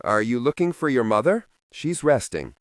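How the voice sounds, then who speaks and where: Hot-tempered mob boss, voiced by a male narrator, loud and threatening, heavy swings in tone. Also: mid-range voice, sing-song, moderate pace, no room sound, clean studio sound, lightly acted. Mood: menacing. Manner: yelling, blustering, menacing.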